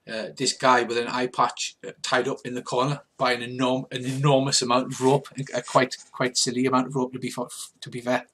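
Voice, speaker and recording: Husky older man running a tabletop game. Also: mid-range voice, a bit bright. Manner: rambling, hesitant narration with many fillers. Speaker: game master.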